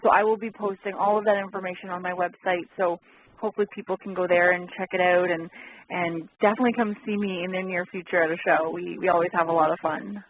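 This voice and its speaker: A young woman from Canada, a singer, being interviewed in a friendly, modest, halting way. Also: lowish voice, steady tone, slight background noise. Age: young adult. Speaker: singer and actor, interview guest. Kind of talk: casual chat. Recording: tinny phone line.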